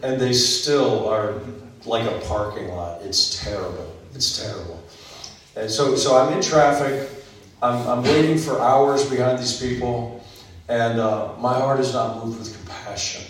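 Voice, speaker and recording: A man's voice: mid-range voice, fairly even intonation, unhurried. A man preaching a sermon, earnest, building up in places, with frequent ums and restarts. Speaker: pastor. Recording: echoey hall from far off, faint noise.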